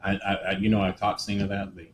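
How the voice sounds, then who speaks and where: An older man with a drawl talks in a low, easygoing register, hosting a live chat. He rambles folksily, full of fillers and wry asides. A faint hiss sits under the recording. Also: monotone, fast. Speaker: host. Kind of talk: casual live-stream chat. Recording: faint ambient noise.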